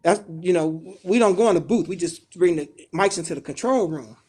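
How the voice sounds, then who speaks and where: A middle-aged man from Chicago, a guest in a podcast studio, telling a story in a loose, animated way and swearing freely. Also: high-pitched, brisk, breathy edge. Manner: animated, acts out quoted dialogue, swears freely. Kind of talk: casual storytelling in a podcast interview.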